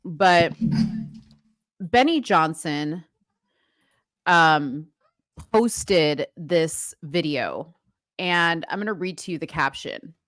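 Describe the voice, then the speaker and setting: A woman's voice: low voice, extremely slow, long pauses, a bit bright, no echo, studio quality. A woman co-hosting a casual political livestream, chatty and agreeable. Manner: chatty, agreeable, reads captions aloud. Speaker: co-host.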